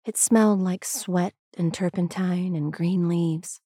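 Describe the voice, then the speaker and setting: A woman reading a story aloud as scripted narration, slow and even. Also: lowish voice, slightly rough, no room sound, studio quality. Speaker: reader.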